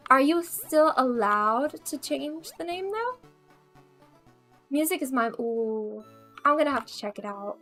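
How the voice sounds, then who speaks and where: A woman's voice: sits high, expressive, a little slow, fairly bright tone, faint music behind. A bubbly woman streaming a game, chatting casually with viewers and laughing often. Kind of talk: casual gaming chat.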